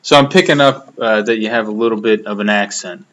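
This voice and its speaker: A man's voice: fairly low pitch, a little fast, fairly bright tone. A man interviewing a guest, encouraging her with frequent short affirmations. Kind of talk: casual interview. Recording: clear background noise.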